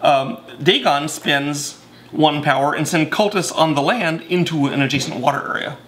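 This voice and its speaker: A man's voice: a little high, normal speed, fairly bright tone. A man casually explaining board game rules in a chatty, self-correcting way with many fillers.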